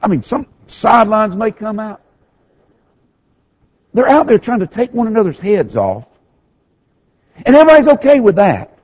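A male pastor preaching a sermon, telling the story with animated swings from hushed to raised delivery. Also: high-pitched, moderate pace, long pauses, slightly rough, dull audio.

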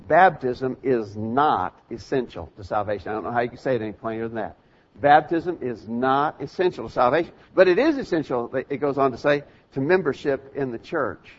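A man preaching a sermon in an earnest, plain-spoken way, often pausing with ums and repeating words. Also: mid-range voice, husky. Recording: dull lo-fi sound.

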